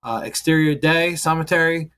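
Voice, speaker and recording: A man's voice: fairly high pitch, normal speed, a bit bright, smooth. A man hosting a podcast in casual chat, joking and swearing as he rambles through a story. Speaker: podcast host.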